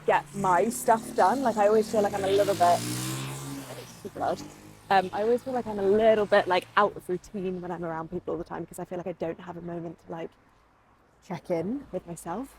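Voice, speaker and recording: A woman's voice: fairly low pitch, darkish tone, a little hiss or hum. A young woman chatting casually to her phone camera while out on a run and a walk, upbeat and full of fillers. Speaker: vlogger. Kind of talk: casual vlog chat.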